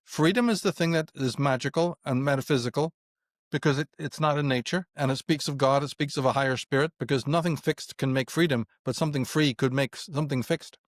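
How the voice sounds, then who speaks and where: A man's voice: mid-range voice, brisk, dry recording, studio quality. A middle-aged man, talking philosophy in an emphatic, profane way, full of rhetorical questions. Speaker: interviewee. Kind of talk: philosophical conversation.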